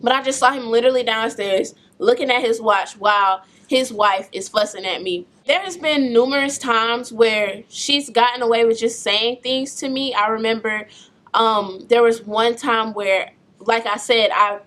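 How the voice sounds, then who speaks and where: A young woman recounting a painful family story in a personal vlog, speaking softly and in a subdued way. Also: on the high side, moderate pace.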